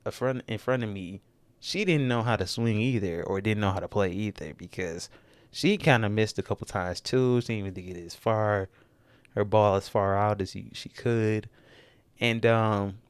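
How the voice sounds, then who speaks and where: A young man hosting a podcast, telling a story in a rambling, self-correcting way and growing animated as he retells it, on a close mic. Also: medium pitch, clean tone, no echo. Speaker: podcast host. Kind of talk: casual storytelling monologue. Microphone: close studio mic in a dry room.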